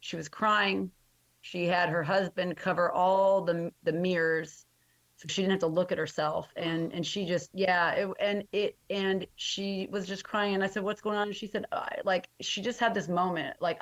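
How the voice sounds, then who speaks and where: A new grandmother telling a heartfelt story in casual podcast chat, with many halting restarts. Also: lowish voice, fairly even intonation, no echo, dull audio. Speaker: guest.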